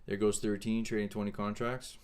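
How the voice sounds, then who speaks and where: A man hosting a casual trading livestream, thinking aloud in a halting way and answering chat questions. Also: on the low side, flat delivery, a little mellow, slight background noise.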